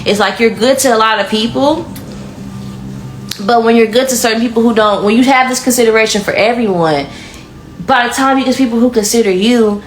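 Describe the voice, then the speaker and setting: A woman's voice: on the high side, fairly quick. A woman giving a casual pick-a-card tarot reading in a chatty, blunt, slangy way. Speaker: tarot reader. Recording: echoey room with faint music.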